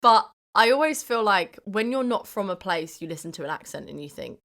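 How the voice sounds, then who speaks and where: Young british woman cohosting a movie podcast, giggly and chatty, middle pitch. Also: expressive, brisk, a bit bright. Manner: laughs often, playful. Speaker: podcast co-host. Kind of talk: casual chat.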